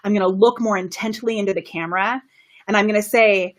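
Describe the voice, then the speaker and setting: Talking quickly in a fairly bright voice, a woman coaches her live stream audience on presentation from her home studio. She's bubbly and enthusiastic, laughs a lot, reads comments aloud, and raises and lowers her pitch and volume to demonstrate delivery.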